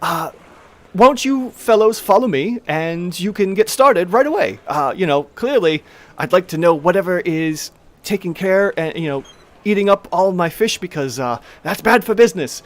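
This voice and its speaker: A man's voice: animated, moderate pace. Man doing a cheery halfling businesswoman. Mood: eager. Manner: high, eager, chatty, fussing over business. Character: bustling cheerful halfling woman fishery owner.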